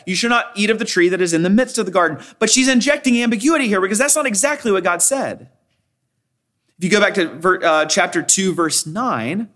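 Male preacher, high voice, expository sermon with frequent scripture quotes and emphatic repeats. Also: bright, forceful tone. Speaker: pastor.

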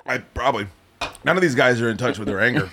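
A man's voice: mid-range voice, fast talker, pushed and bright, slight background noise. A man hosting a radio show, ranting and swearing with sarcastic banter into a studio microphone. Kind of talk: profane live radio banter.

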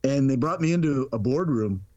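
A man's voice: medium pitch, lively intonation, brisk, a little mellow. A man telling a casual story in a chatty way, laughing often and tripping over his words. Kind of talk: casual anecdote. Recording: dull lo-fi audio.

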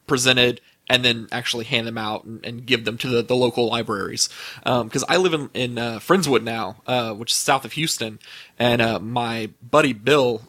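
A man's voice: mid-range voice, bright, forceful tone, no echo. A man, a guest earnestly explaining his book drive in casual talk. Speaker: podcast guest. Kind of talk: casual chat.

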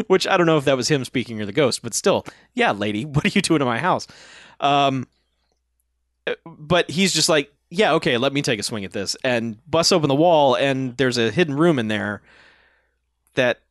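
Lively male podcast co-host, chatty and jokey, dry mic. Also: medium pitch, normal speed, no room sound. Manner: animated, laughing, swearing, acts out quotes. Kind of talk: casual movie recap chat.

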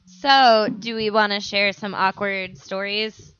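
A woman keeps a comedy podcast moving in a relaxed way, mostly with short replies and questions. The audio is dull and lo-fi, with a faint hiss underneath. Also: medium pitch, slow pace. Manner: laid-back, short agreeing replies. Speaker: podcast co-host. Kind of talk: casual comedic banter.

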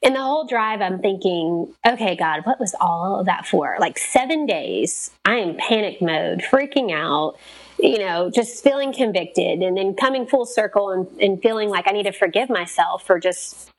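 A woman's voice: mid-range voice, normal speed, rough recording. A woman telling an emotional personal story in casual chat, full of "like" and quoted back-and-forth. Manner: animated, emotional retelling with lots of "like" and quoted dialogue.

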